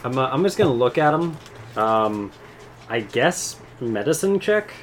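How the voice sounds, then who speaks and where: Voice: medium pitch, big pitch swings, measured pace, slight background noise. A player in a casual tabletop game, talking hesitantly with many fillers, joking and swearing.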